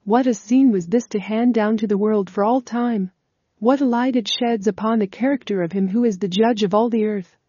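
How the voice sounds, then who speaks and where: Mellow-voiced woman reading scripture narration. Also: medium pitch, normal speed, dry recording. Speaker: audiobook reader. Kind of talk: scripted narration of a religious text. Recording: dull, lo-fi dry recording.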